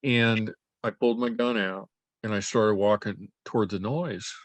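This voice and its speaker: An older man recounting family history in an oral history interview, speaking haltingly with frequent fillers and restarts. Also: fairly low pitch, steady tone, dry recording.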